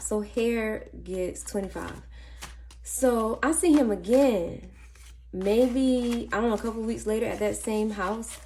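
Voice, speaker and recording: A woman vlogging casually, telling a chatty, animated story and counting money softly under her breath. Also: medium pitch, unhurried. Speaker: budgeting vlogger. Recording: faint background noise and clicks.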